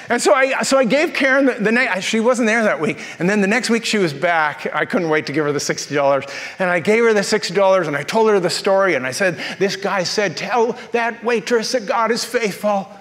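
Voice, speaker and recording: A male pastor telling stories in a sermon, animated and jokey. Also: sits high, brisk. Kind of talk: humorous sermon storytelling. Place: church auditorium. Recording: reverberant church hall.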